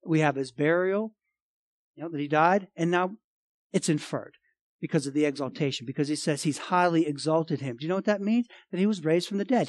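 A male pastor preaching a sermon, emphatic, swinging between loud and quiet and repeating phrases. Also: on the high side, brisk, no echo, studio quality.

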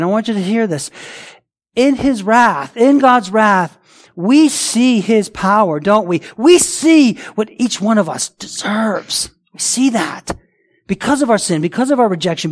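A man preaching a sermon as a pastor, talking conversationally with rhetorical questions, restarts and acted-out voices. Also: high voice. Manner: frequent restarts and repeated words.

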